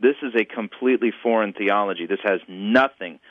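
A man's voice: on the low side, a little fast, no room sound, narrow, tinny audio. A man who is a guest on a radio talk show, explaining things in an earnest, doctrinal way. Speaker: guest, internet radio host.

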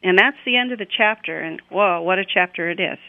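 A woman talks through a scripture passage on a radio program, unhurried and full of small restarts. Her voice comes through a thin, phone-like line with no room echo behind it. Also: lowish voice. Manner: unhurried, with frequent fillers and restarts. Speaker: Bible teacher on a radio program. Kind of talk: conversational scripture retelling.

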